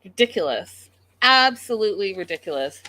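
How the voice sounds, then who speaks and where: A woman's voice: medium pitch, very animated, moderate pace, pushed and bright, no echo. A woman hosting a casual live recap show, chatting and reading viewer comments with exasperation. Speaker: podcast host recapping a reality show.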